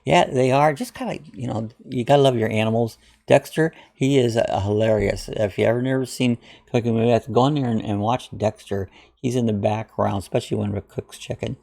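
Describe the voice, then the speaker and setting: A man's voice: mid-range voice, brisk, gravelly, a little mellow. A man from Ohio hosting his channel, casually chatting through viewer comments with lots of uhs and restarts. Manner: rambling, friendly, with frequent uhs and restarts. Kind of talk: casual chat.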